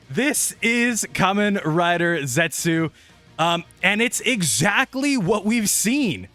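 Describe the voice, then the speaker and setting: A man reacting live to news on his stream, loud and hyped, shouting and laughing until he is out of breath. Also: sits high, very animated, takes it slowly, faint music behind.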